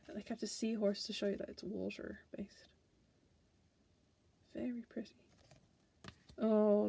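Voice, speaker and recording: A woman's voice: on the high side, warm tone. A woman tarot reader chatting casually through a card deck, playful and giggly.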